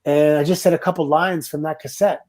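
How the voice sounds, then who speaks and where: A middle-aged man from Canada, a former wrestler, telling stories in a relaxed, casual interview. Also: a little high, a little fast. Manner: relaxed anecdotal storytelling with laughs and quoted voices. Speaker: guest, former pro wrestler.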